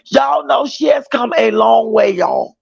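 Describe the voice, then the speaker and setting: A woman's voice: on the high side, measured pace, vocal fry, husky, dull audio. A woman hosting a casual livestream, chatting with viewers, greeting them by name, using slang. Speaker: livestream host.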